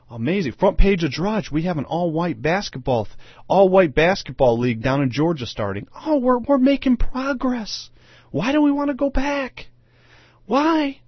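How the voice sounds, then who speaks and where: Emphatic man in a lively monologue. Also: on the high side, breathy edge, no echo. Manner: emphatic, repetitive rhetorical questions. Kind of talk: solo opinion monologue. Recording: dull, lo-fi dry sound.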